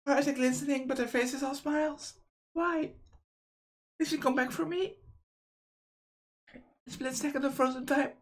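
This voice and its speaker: A woman's voice: high-pitched, steady tone, normal speed, long pauses. A woman hosting a game playthrough, reading visual novel narration aloud in an earnest, emotional first-person way. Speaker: let's play host.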